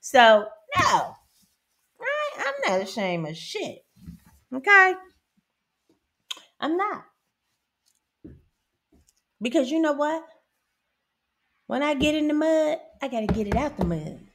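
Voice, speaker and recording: A woman's voice: sits high, very animated, slow pace, long pauses, fairly bright tone. A woman, hosting a casual monologue in a blunt, profane, emphatic way and laughing often. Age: 50s. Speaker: host.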